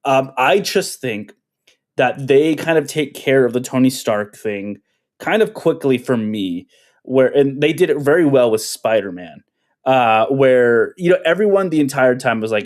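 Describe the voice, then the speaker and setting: A man in a relaxed podcast chat, calling in remotely with a medium-pitched voice. He talks conversationally, hedging his points with plenty of "like" and "uh". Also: moderate pace. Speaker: podcast co-host.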